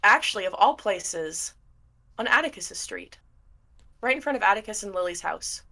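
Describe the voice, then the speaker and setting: Bright-voiced woman running a tabletop game. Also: medium pitch, expressive, normal speed, creaky. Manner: casual, many fillers. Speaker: game master.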